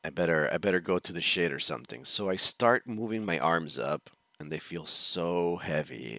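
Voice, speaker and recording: Male host, deep but bright and forceful tone, casual rambling storyteller, dry close sound. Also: moderate pace, few pauses, no room sound. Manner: rambling, chuckling, restarts sentences. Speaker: reaction show host.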